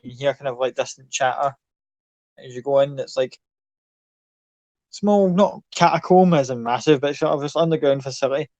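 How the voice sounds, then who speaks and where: A man's voice: medium pitch, moderate pace, pauses often, darkish tone, no room sound, muffled recording. A man narrating a tabletop game as game master, describing scenes in a loose, rambling way with fillers and swearing.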